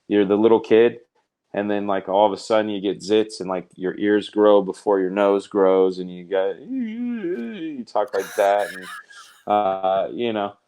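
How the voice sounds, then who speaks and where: A man with a fairly low voice hosts a live art stream, talking in a relaxed, rambling way. His tone is smooth and clear, and he stops to crack jokes and read out comments from the chat. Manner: rambling, self-interrupting, jokey. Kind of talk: casual chat while reading live comments.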